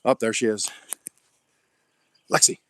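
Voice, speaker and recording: A man's voice: slow pace, sharp tone, slight background noise. A man, chatting casually as he gardens in his backyard and talks to his dog, folksy and rambling. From Oklahoma. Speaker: gardening vlogger. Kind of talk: casual chat while gardening.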